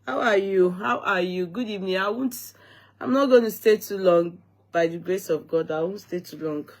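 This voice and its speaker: A woman's voice: medium pitch, moderate pace, a little mellow. Tired Nigerian woman hosting a live chat. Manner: chatty, repetitive greetings, mixes in Pidgin. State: tired, yawning. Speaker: live-stream host. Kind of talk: casual live-stream chat.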